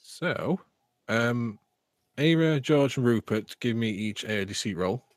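A man's voice: medium pitch, animated, takes it slowly, no room sound, studio quality. A man, running a tabletop game as game master in a casual, joking way. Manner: casual, swears freely, laughs along.

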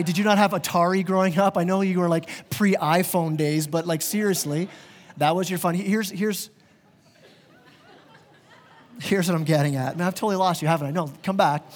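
A man preaching a sermon as pastor, animated and direct with the congregation, often stumbling and repeating words. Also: high voice. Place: church.

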